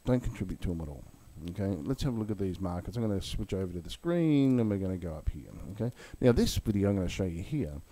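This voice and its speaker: A man's voice: low voice, animated, quick pace, few pauses, dark tone. A man ranting heatedly and swearing bluntly about the crypto market, then walking through chart analysis in a video. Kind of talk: angry rant and chart commentary.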